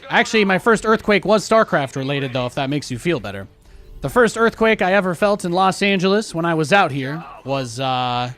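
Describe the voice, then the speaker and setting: A young man from New York City chats casually on a game stream. His voice sits fairly high. He fires off sarcastic, ranting asides and swears along the way, and soft music plays beneath him. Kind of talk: casual live-stream chat.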